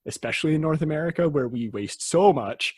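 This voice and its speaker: A man's voice: fairly high pitch, expressive, brisk, slightly rough, no room sound. A man hosting a casual history podcast, explaining in a chatty way that often trails off mid-sentence. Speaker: podcast host.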